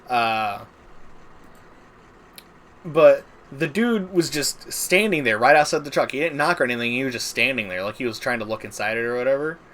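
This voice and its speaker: A man's voice: mid-range voice, fairly bright tone, slight background noise. Rambling, profane male streamer. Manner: rambling, filler-heavy, profane. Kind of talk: casual storytelling while gaming.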